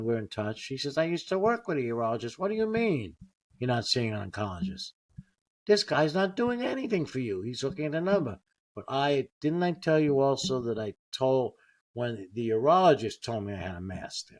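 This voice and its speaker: Older man telling stories animatedly. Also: medium pitch. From United States. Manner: animated anecdotes, acting out quotes. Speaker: guest comedian. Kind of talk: casual storytelling.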